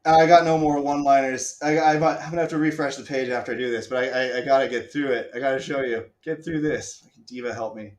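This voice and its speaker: A man's voice: mid-range voice, fairly even intonation, fast talker, hardly any pauses, roomy sound. Chatty man demoing a game live. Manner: chatty, self-mocking, swears casually. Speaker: stream host. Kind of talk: casual live-stream game demo.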